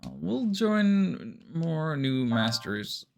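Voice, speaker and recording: Man streaming a game, low gravelly voice, slow, lively pitch, faint game music. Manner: rambling, self-deprecating. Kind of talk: casual let's-play commentary.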